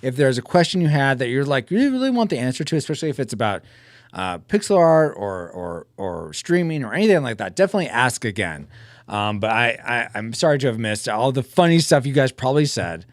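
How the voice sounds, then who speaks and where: A man's voice: mid-range voice, very animated, brisk, dry recording, clean studio sound. A man live-streaming while drawing pixel art, chatting casually and joking about himself to his viewers. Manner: chatty, self-mocking, talks to chat.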